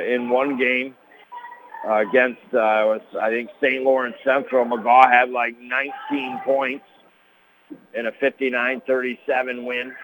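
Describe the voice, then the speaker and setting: Man, middle-aged, Upstate New York accent, basketball play-by-play, brisk calls, chatty asides, faint background noise. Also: mid-range voice, low-quality recording. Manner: brisk call with rising excitement on big plays. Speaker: play-by-play commentator. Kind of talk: local sports play-by-play.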